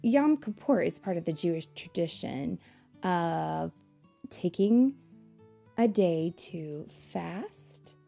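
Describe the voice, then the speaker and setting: A woman reading a picture book aloud to children, pausing to ask them questions and explain things. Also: on the low side, lively intonation, vocal fry, soft background music. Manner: asks listeners questions, warm explanatory asides.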